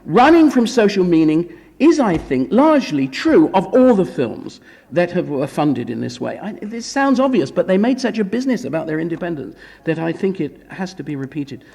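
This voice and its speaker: Man, academic lecture, gravelly voice, wry ironic asides, reverberant conference hall. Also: sits high, sing-song, normal speed, mellow. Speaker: guest lecturer at a film conference.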